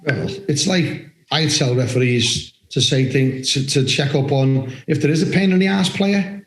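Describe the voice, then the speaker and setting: A man co-hosting a podcast, telling blunt, animated stories and swearing now and then in casual chat. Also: a little high, normal speed. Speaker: referee podcast co-host. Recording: roomy echo.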